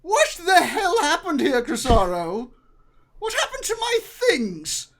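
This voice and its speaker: A haughty giantess queen and sorceress barks orders in a high, shrill voice, as a game master puts her on. Her lines come loud and commanding. It is tabletop role-play, recorded with a lively, swooping delivery. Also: slow, full character voice. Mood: indignant. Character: imperious giantess queen and magic user.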